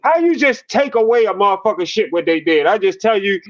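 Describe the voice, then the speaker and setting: A man's voice: high voice, lively intonation, fairly quick, lo-fi sound. A man co-hosting a boxing talk show, ranting in a heated, profane casual debate with rhetorical questions. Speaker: boxing podcast co-host.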